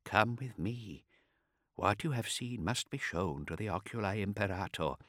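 A man voicing a courtly, slow-spoken old astropath. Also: lowish voice, no echo, clean studio sound, lightly acted. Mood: measured. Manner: slow, soft and measured, courtly. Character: old male astropath, nervous, courtly, solemn.

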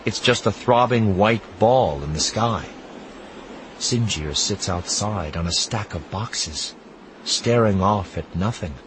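A man narrating an audiobook in a measured, expressive storytelling manner. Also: lowish voice, slight background noise, low-quality recording.

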